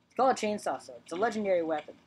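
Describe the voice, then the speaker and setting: A woman's voice: mid-range voice, animated, rapid-fire, a little mellow, slight background noise. A woman hosting a let's play video, talking chattily over her gameplay, repeating words and joking with the characters on screen. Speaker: gaming channel host.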